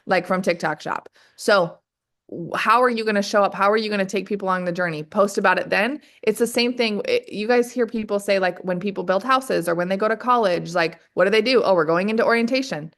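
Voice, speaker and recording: Energetic woman sales trainer, mid-range voice, fires off rhetorical questions and keeps addressing the team directly. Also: mid-range voice, a little fast. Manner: energetic, keeps calling the audience "you guys". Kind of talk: motivational training call.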